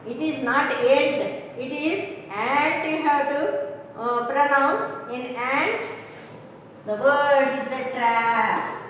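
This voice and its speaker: Woman teacher, high pitch, slow and repetitive pronunciation lecture, recorded far from the mic in a reverberant room. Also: fairly even intonation, a bit bright, a little hiss or hum. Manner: slow, repetitive, keeps checking students understand. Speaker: English teacher. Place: classroom or room with a board.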